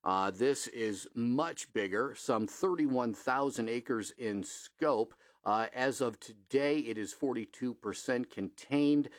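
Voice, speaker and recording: A middle-aged man hosts a radio show in a dry studio, his voice close and unreverberant. He tells stories with energy, pitching up sharply for quoted lines and sprinkling in plenty of "uh" fillers. His voice sits at a medium pitch. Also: slow, few pauses, no echo. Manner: animated storyteller, voice jumping high for quoted lines, many "uh" fillers. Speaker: radio host. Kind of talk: casual storytelling and local news.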